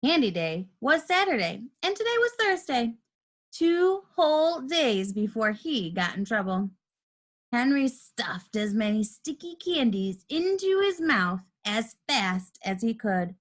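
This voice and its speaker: A woman reads a children's story aloud in an unhurried, deliberate rhythm, her pitch swinging widely from line to line. Her voice sits fairly high, and she acts out the characters in a lively, expressive way. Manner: lively, expressive reading with quick shifts for characters.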